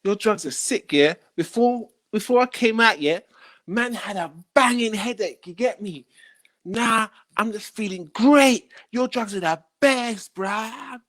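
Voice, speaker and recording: A man voicing an excitable tall male customer who talks in street slang and calls everyone bro. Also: sits high, measured pace, voice pushed up. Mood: hyped.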